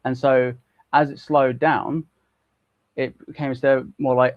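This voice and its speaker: A man's voice: medium pitch, steady tone, fairly quick, gravelly, no room sound, lo-fi sound. A man co-hosting a live stream in a casual, joking way, swearing freely. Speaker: co-host.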